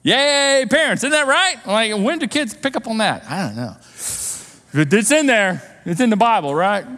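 A middle-aged male pastor preaching a sermon, animated, with emphatic repeated refrains and casual asides. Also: sits high, moderate pace, long reverb tail. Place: large church auditorium.

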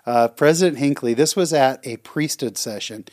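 A man's voice: medium pitch, normal speed. Effusive man reading listener comments. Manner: warm, effusive, reads comments aloud. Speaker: podcast co-host.

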